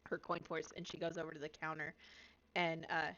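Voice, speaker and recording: A woman's voice: low-pitched, flat delivery, fairly quick, lo-fi sound, noisy background. A woman playing a tabletop game, giggly and hesitant as she describes her character's actions. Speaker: player.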